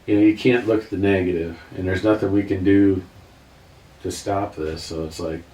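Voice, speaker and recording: A man in his fifties with a very low voice tells his story earnestly, circling back and restarting his thoughts. He sounds set back from the mic in a roomy space with a faint hiss behind him. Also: steady tone, moderate pace, mellow, recorded from a distance. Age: 50s. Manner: earnest, rambling, restarts sentences. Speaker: guest. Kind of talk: emotional personal story.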